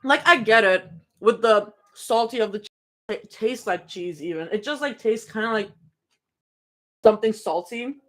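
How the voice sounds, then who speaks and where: A woman's voice: on the high side, moderate pace, fairly bright tone. A young woman streaming from home, chatting casually and rambling between snacks during a live reading. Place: home room.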